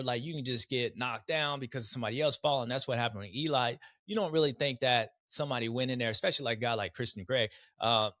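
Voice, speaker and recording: A man's voice: medium pitch, a bit bright, no echo, studio quality. A man hosting a casual race recap, rambling with slang and restarts and acting out riders' voices in quotes. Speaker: podcast host, former racer.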